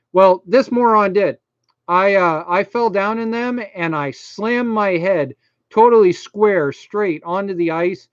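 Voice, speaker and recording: A middle-aged man with a Maine accent and a slight lisp rambles through a casual live-stream chat, poking fun at himself. His voice sits high for a man and sounds smooth and clean. The sound is close and dry, with a dull, lo-fi edge. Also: no echo. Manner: rambling, self-deprecating, chatty. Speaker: YouTube host.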